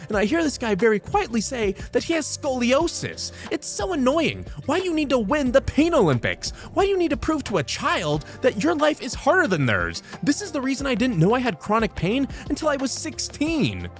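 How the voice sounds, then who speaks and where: A man reading funny posts aloud as comedic scripted narration, highly animated and jumping between voices. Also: fairly quick, hardly any pauses, soft background music. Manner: highly animated, frequent sudden voice shifts.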